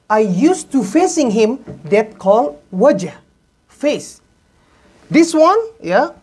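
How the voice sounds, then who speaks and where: A man giving a religious law lesson in a mosque, speaking halting English full of "yeah" tags and reciting Arabic quickly. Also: high voice, darkish tone, breathy edge. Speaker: religious teacher. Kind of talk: mosque lecture on Islamic law.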